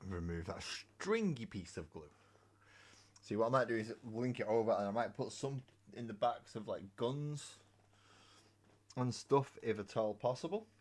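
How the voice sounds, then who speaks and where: A hobby streamer paints miniatures during a casual live stream, rambling, joking and swearing freely. His fairly low voice is a little mellow, picked up by a webcam mic.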